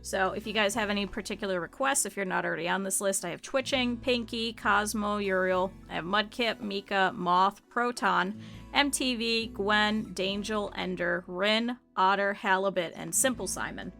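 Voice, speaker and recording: A woman streamer with a slight lisp, chatting casually and excitedly with viewers while playing a game. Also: mid-range voice, normal speed, vocal fry, soft background music. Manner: chatty and animated, often laughing. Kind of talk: casual gameplay chat with viewers.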